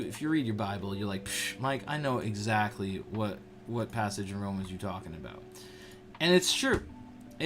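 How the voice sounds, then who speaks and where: A man hosting a livestream, giving a casual devotional talk to viewers in an animated, joking way, often restarting his sentences. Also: medium pitch. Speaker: livestream show host.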